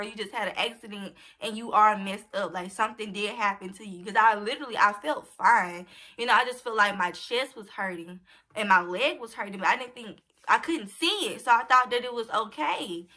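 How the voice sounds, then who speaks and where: A woman's voice: fairly high pitch, sharp tone. A young woman telling a personal story to her viewers in a casual, chatty way. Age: young adult. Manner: chatty, addresses viewers directly as y'all. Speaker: vlogger.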